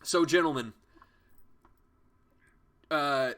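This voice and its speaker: A man's voice: fairly high pitch, very slow, a bit bright. A young man narrating as game master of a tabletop game, hesitant with many fillers and restarts.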